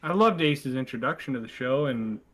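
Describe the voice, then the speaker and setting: A man's voice: medium pitch, animated, normal speed. A man chatting on a podcast in a laid-back, dismissive way. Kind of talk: casual chat.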